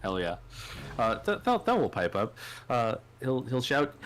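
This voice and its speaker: A man playing a tabletop game with friends, talking in animated bursts with stammering restarts. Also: mid-range voice, a little slow, pauses often. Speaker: player.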